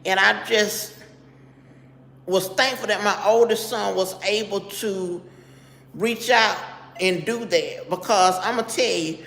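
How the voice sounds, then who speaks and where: Her gravelly, fairly bright voice sits at medium pitch and moves slowly as this middle-aged woman runs a laid-back live stream. She's chatty and straight-talking, stopping partway through sentences to say hello to viewers by name. There's a little hiss or hum, and the room echoes with a long reverb.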